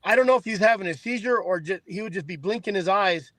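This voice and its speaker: A man's voice: high voice, fast talker, a bit bright, no echo. A man in a casual chat, telling loose, rambling stories.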